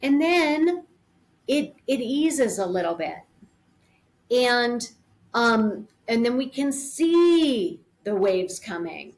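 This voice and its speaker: A woman's voice: a little high, sing-song, takes it slowly. A woman guest in an interview, speaking in an earnest, thoughtful way and explaining her ideas through vivid imagery. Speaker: podcast guest on grief. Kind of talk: reflective conversational interview.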